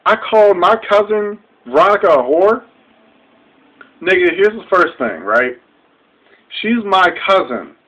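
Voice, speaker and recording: A man's voice: high voice, a bit bright. A young man ranting straight to camera, heated, profane and confrontational, in a dull lo-fi webcam recording. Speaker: vlogger. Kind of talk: direct-to-camera rant.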